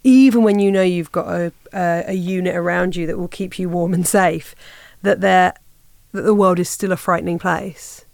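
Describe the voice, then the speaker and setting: A woman hosting a podcast interview, encouraging and warm with her guest and laughing along. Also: lowish voice, steady tone, moderate pace, vocal fry, no room sound. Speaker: podcast host. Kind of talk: conversational interview.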